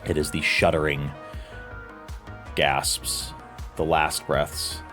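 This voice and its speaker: A man with an extremely deep voice narrates as game master, slowly and solemnly. Soft music runs underneath. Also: level tone. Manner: measured, solemn storytelling. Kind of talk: slow dramatic narration of a nightmare scene.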